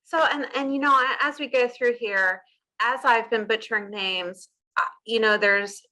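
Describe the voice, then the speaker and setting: A woman's voice: on the high side, normal speed, pushed and bright. A woman hosting a casual interview chat, upbeat, repeating words back and laughing at her own slips. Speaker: host.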